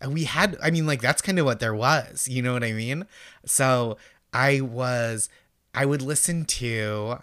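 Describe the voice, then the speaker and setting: A man's voice: medium pitch, measured pace, a bit bright, no echo, studio quality. A man from the Boston area, a podcast guest chatting casually with wry, self-deprecating humor. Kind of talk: casual conversation.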